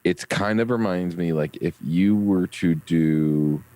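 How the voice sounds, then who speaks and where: A man's voice: low voice, slow pace, dark tone, dry recording. A man chatting casually as a podcast guest, enthusiastic and rambling with plenty of fillers. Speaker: guest reporting from a trade show.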